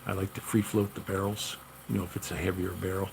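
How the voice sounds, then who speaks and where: A man's voice: low-pitched, flat delivery, quick pace, gravelly, a little mellow, slight background noise, rough recording. A man casually telling long stories about his gunsmith work, rambling and repeating himself with lots of "you know". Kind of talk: casual storytelling.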